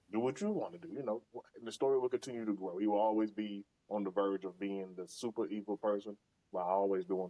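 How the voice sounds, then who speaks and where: A man co-hosting a gaming podcast, thinking out loud in a profane, casual way. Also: fairly low pitch, low-quality recording. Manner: thoughtful, profane, talks things through. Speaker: podcast co-host. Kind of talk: casual chat.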